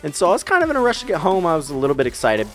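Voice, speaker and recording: A teenage man from America telling funny driving stories over gameplay, swearing freely and jumping into squeaky voices for the people he quotes. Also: wildly swooping pitch, very fast, soft background music. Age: teens. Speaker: gaming channel host. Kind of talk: storytelling commentary over gameplay.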